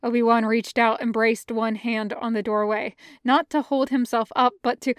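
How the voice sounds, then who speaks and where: A woman narrating a fan fiction audiobook with a measured, careful reading. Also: a little high, little pitch movement, clean tone, no room sound, studio quality. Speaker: podfic reader.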